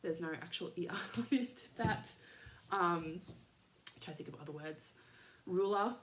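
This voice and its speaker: An Australian woman in her thirties talks through her podcast in a loose, rambling way, full of ums and small laughs. Her voice sits a little low for a woman, and it feels like a relaxed, friendly catch-up with listeners. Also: normal speed, slight background noise. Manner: rambling, chatty, many fillers and laughs. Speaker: podcast host. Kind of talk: casual chat.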